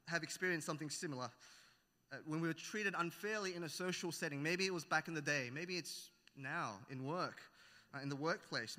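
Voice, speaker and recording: A man's voice: on the high side, bright, forceful tone. A man with an Australian accent, raised in New Zealand, preaching a sermon in a conversational way with many fillers and self-corrections. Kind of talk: sermon with opening prayer. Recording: echoey hall reverb.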